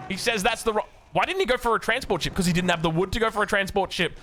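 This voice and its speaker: A young Australian man casting a strategy video game match, getting excited and rising in pitch as the action picks up. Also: fast talker. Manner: excitable, rises sharply when action picks up. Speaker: game caster. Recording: faint music behind.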